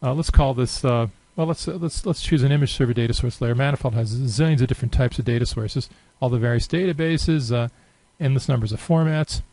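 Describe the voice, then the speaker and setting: A man giving a relaxed, unscripted screen-recorded software tutorial, thinking aloud with many fillers. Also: medium pitch, fairly quick, hardly any pauses, no echo, low-quality recording. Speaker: software demonstrator.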